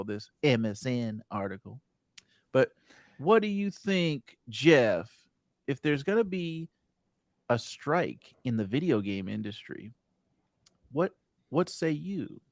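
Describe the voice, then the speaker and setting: Animated man hosting a gaming podcast. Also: mid-range voice, unhurried, dry recording, studio quality. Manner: animated, reads news items aloud. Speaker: podcast host. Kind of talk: casual gaming news chat.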